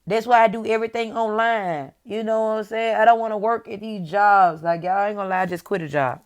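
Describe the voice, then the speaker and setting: A woman's voice: medium pitch, brisk, clean tone. A young adult woman vlogging candidly and emphatically, addressing her viewers directly and repeating her points. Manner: emphatic, repetitive, talks straight to viewers. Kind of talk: candid motivational vlog talk.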